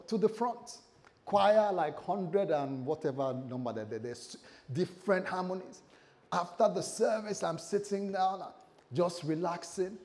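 A middle-aged male pastor preaching to his congregation, telling a personal story with lively, self-mocking humor. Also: high-pitched, measured pace. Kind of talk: sermon. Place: church, speaking to a congregation.

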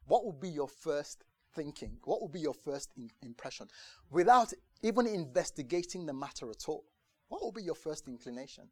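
A man preaching a conversational sermon to a congregation, lively and chatty, acting out the voices he quotes and often asking if they understand. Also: fairly high pitch, moderate pace, no room sound. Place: church gathering in the UK.

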